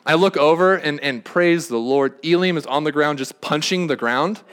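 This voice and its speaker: A man's voice: on the high side, moderate pace, a bit bright, smooth. A young man preaching a sermon as a pastor, talking conversationally with frequent restarts and asides. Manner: conversational, rambling with many restarts.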